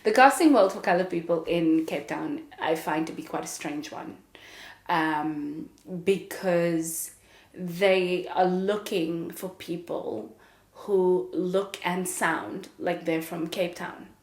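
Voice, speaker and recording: A woman's voice: lowish voice, slow, a little mellow, reverberant. A young adult woman with a South African English accent, speaking candidly and reflectively in a casual monologue as a podcast host. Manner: candid, reflective, with frequent laughs and fillers.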